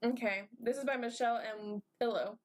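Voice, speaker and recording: A woman's voice: a little high, brisk. A woman co-hosting a casual podcast chat, playfully reading book blurbs aloud and joking when she stumbles over names. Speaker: podcast co-host.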